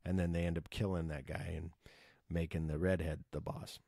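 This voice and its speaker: A middle-aged man with a deep, relaxed voice chats through a long personal story on his podcast. He wanders and swears casually, leaning on fillers as he goes. The sound is dry and close, with no room around it. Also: moderate pace, creaky, slightly rough, no echo. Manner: rambling, profane, lots of fillers. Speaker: podcast host.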